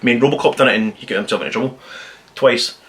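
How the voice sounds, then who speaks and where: A man giving a casual, spoiler-filled film review, rambling and excitedly retelling the plot with plenty of swearing. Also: mid-range voice, fast talker.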